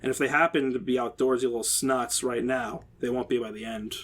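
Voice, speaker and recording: A man's voice: mid-range voice, steady tone, brisk, lightly acted. A man reading as an exasperated game executive. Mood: exasperated, condescending. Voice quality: slightly shaky voice. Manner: condescending, exasperated, sarcastic. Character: irritated male game executive lecturing parents. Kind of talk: reading a horror story aloud.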